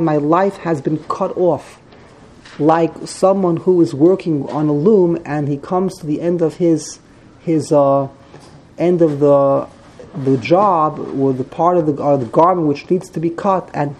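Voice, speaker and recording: A man's voice: fairly high pitch, steady tone, measured pace, a little mellow, low-quality recording. A man teaching a Torah text class, explaining Hebrew grammar with frequent repetitions and Hebrew terms. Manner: explains grammar patiently, repeats words, mixes in Hebrew terms.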